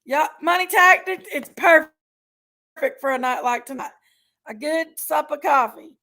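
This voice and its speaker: A chatty woman hosts a casual livestream, greeting viewers by name and laughing easily. Her voice sits high and bright in pitch. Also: measured pace. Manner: chatty, reads viewer names aloud and laughs often. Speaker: livestream host.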